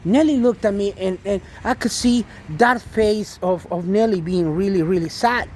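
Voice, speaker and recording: A man's voice: sits high, moderate pace, a little mellow, a little hiss or hum. A man and father telling a rambling spiritual story about his daughter, with many restarts and repeated endearments. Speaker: vlogger and father.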